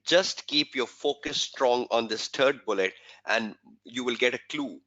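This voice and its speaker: Male tutor, webinar lecture, bright voice, muffled lo-fi sound, repeats himself. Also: mid-range voice, a little slow. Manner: repetitive, quizzing rhetorical questions. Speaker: exam tutor. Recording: dull lo-fi webinar audio.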